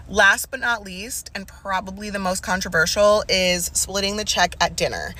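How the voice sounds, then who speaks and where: Blunt, bright-voiced mom. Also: female voice, fairly low pitch, moderate pace. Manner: blunt, matter-of-fact, swears casually. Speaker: mother. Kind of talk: list-style vlog to camera.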